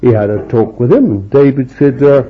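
In a dull, lo-fi recording, a man with a medium-pitched voice preaches an informal sermon built around Bible stories. He speaks at a normal speed in a chatty, homely manner, often turning aside to address his listeners.

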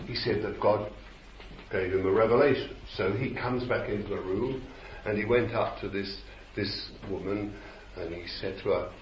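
Male preacher, low voice, rambling sermon with sudden shouts; dull, echoey old tape. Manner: rambling, repeats words, rises to shouts. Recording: roomy, dull, slightly noisy old recording.

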